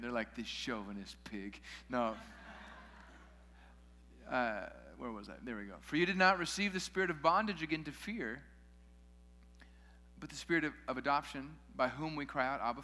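A man's voice: medium pitch, animated, normal speed, long pauses, sharp tone. A man preaching a sermon in a casual way, with joking asides to his listeners. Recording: long hall reverb.

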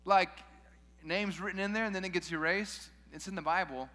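A man preaches to his congregation in a relaxed, conversational sermon style and throws in joking asides to the crowd. His voice sits a bit high and has a bright, forceful edge. It rings out in a large church hall with a long reverb. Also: normal speed.

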